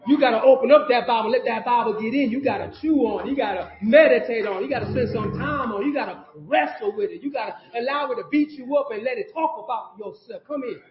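High-voiced preacher in an echoey church. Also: male voice, fast, few pauses, a crowd in the background. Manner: preaching with call-and-response asides to the congregation; repetitive, emphatic phrasing. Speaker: pastor. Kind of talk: sermon. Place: church sanctuary. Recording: echoey church sound, dull audio.

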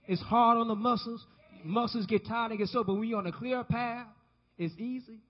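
High-voiced husky preacher in a reverberant hall. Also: male voice, fairly quick. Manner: call-and-response preaching, asks congregation to repeat. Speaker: pastor. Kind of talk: sermon. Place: church sanctuary. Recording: dull recording with long hall reverb.

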